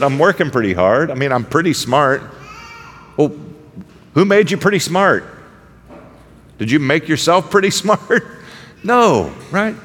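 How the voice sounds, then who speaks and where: A man preaching a conversational sermon to a congregation, often checking in with "right?" and acting out quoted voices with sarcasm. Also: a bit bright. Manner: acts out quoted voices with sarcastic rises in pitch. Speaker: pastor. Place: church sanctuary. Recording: hall reverb.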